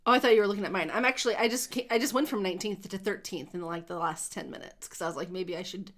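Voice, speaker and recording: A woman's voice: mid-range voice, rapid-fire, fairly bright tone. A woman co-hosting a casual gaming livestream, rambling and joking about herself with frequent giggles. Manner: giggly, rambling, self-deprecating.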